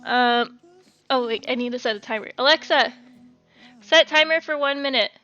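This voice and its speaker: Bright, giggly young woman streaming. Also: high voice, moderate pace, muffled recording, soft background music. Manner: giggly, chatty, reads chat aloud, swears casually. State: out of breath. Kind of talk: casual live-stream chat while cooking.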